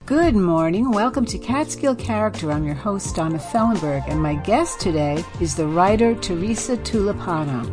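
Woman, radio host, interview, measured, friendly, mid pitch, faint music behind. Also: lively intonation.

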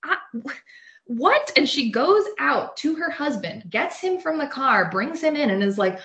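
A woman from New York, on an interview, shares a casual anecdote, chatting away with many fillers and laughing into her lines. Her voice is high, expressive and fairly bright, at a moderate pace.

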